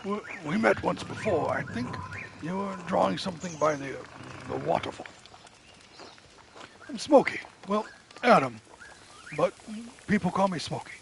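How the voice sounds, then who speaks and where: A man's voice: high voice, animated, moderate pace, vocal fry, pauses often, background noise, pitched above the performer's own voice. A man voicing a shy, hesitant young charcoal burner who lives in the forest, with game forest sounds behind him. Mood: shy, friendly.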